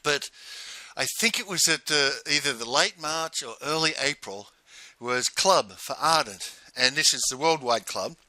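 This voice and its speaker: A man's voice: medium pitch, sharp tone, dry recording. A man, telling a personal story in a chatty, digressive way and laughing often. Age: 50s. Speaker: channel host. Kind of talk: casual storytelling monologue.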